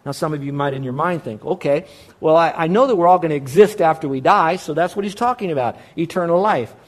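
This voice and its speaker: A man's voice: fairly high pitch, fast talker. A man preaching a sermon, stressing key words with repetition and direct questions to his listeners. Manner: emphatic preaching with repeated phrases. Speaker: pastor.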